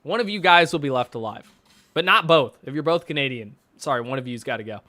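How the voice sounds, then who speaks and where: A man's voice: medium pitch, lively intonation, fast, bright, forceful tone, no room sound. A man streaming live, reading chat and posts aloud with profane, mocking, ranting commentary. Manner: reads chat and posts aloud with sarcastic asides.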